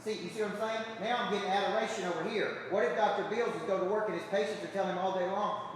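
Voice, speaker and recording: This seminar coach talks fast with few pauses, his high voice holding a steady tone as he emphatically keeps checking in with the crowd. Recorded from far off in a large, echoey hall full of listeners, the audio has a little hiss or hum.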